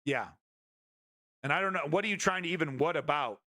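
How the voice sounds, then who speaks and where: A man talks through news clips on his stream in a loose, rambling way. He is blunt and swears freely. His voice sits a little high, and his tone is bright and forceful. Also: brisk. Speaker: news commentary host. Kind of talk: casual political commentary stream.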